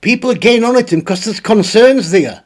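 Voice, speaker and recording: A man's voice: high voice, brisk. A man hosting a casual, rambling commentary on online drama. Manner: rambling, blunt, with frequent restarts. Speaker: commentary channel host.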